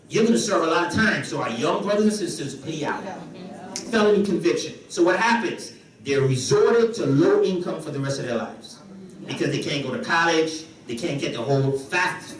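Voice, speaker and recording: Caribbean guy giving a lively conference talk, high voice, big echoey hall. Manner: animated, joking with the audience. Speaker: conference speaker. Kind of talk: motivational business talk. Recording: echoey hall, distant mic.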